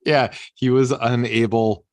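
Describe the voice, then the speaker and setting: A man's voice: medium pitch, sing-song, slow, darkish tone, no room sound. A man co-hosting a podcast in casual chat, rambling loosely and swearing offhandedly. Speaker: podcast co-host.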